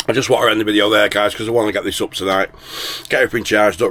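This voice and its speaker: A man's voice: lowish voice, steady tone, racing, fairly bright tone. A man talking casually to his viewers while he cooks in a camper van, filming on a handheld camera and often calling them guys. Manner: chatty, keeps addressing viewers as guys. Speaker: van life vlogger. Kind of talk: casual vlog narration while cooking. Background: food frying in a pan.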